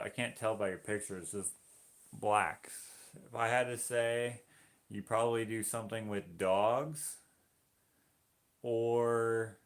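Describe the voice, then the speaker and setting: Gravelly low-voiced man chatting on a live stream. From Canada. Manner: rambling, self-interrupting, easygoing. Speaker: finger painter streaming live. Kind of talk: casual live-stream chat, reading viewer comments aloud.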